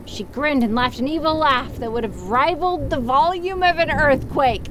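A woman's voice: sits high, expressive, fairly quick, hardly any pauses, a bit bright, slight background noise. A young woman reading a story aloud and mocking it with sarcastic, swearing asides. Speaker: story reader.

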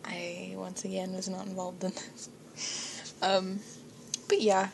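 Giggly woman rambling softly. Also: mid-range voice, monotone, takes it slowly, gravelly, noisy background. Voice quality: giggly, slips into whispers, swears. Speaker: audio creator. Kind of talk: casual chat, rambling.

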